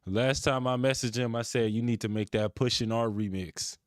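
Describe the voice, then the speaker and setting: A man vlogging casually, who slips into reciting verse in a measured, theatrical way. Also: mid-range voice, no echo, clean studio sound. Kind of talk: casual vlog chat with a dramatic recitation.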